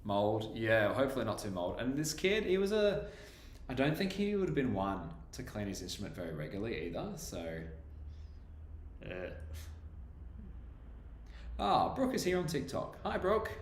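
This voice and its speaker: Here's a young guy chatting on his live stream, laughing easily and reading out comments from viewers. His voice sits on the low side, and it rings around an echoey room with a faint hiss of noise behind him. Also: huge pitch swings, normal speed, long pauses. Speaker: livestreaming bass trombonist.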